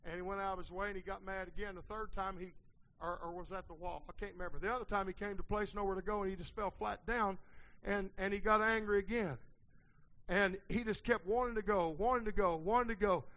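A preacher with a high, bright, ringing voice. He wanders through folksy stories and then climbs to hollered peaks. The recording is dull and lo-fi. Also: fairly even intonation, quick pace. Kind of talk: sermon.

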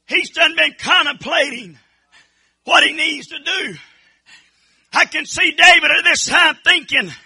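A man preaching an impassioned sermon, pleading fervently and rising into shouted cries. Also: extremely high pitch, gravelly.

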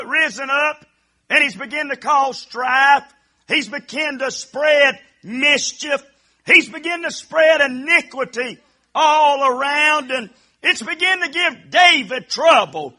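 A man preaching an impassioned sermon, pleading fervently and rising into shouted cries. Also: very high-pitched.

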